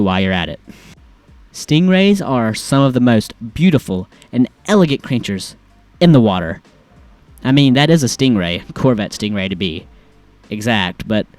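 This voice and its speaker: A man of middle pitch riffs on funny posts in a loose, rambling way, mocking himself and tripping over his words. His voice sounds close and dry, with faint music playing underneath. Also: no room sound. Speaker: reaction video host. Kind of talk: casual commentary reading posts aloud.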